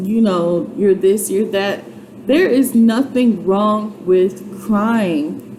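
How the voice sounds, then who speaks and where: A woman giving a casual, heartfelt testimony, chatty and earnest, often repeating herself and using many fillers. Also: mid-range voice. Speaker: vlogger sharing a personal testimony. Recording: clear background noise.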